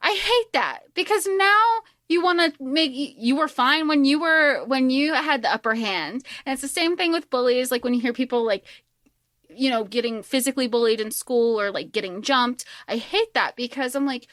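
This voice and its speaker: A woman's voice: high-pitched, animated, moderate pace, a bit bright, no room sound, studio quality. A woman co-hosting a podcast, talking casually and animatedly about a book, swearing freely and restarting her sentences. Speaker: podcast co-host.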